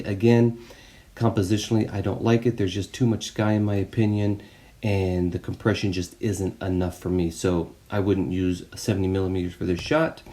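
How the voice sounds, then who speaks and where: A man hosting a photography video, walking briskly through his shots and giving his opinions. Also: fairly low pitch, dark tone. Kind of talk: casual review talk. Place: indoors at a tablet.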